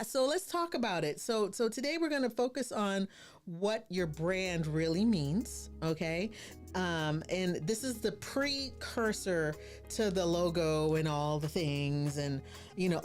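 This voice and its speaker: A woman hosting a live branding series, chatting casually with her viewers and often saying "you know" and "right?". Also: lowish voice. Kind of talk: casual live-stream teaching.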